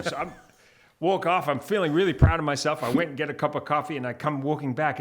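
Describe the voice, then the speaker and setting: A man in his fifties with a New Zealand accent talks as an interview guest, with a voice that sits a little on the high side. He tells his stories with animated energy and slips into quick impressions. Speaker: guest, television host. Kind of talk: interview conversation, anecdotes.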